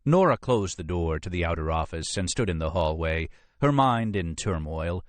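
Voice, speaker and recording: Deep-voiced man narrating a thriller audiobook. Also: no room sound. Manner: expressive, measured storytelling. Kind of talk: scripted narration.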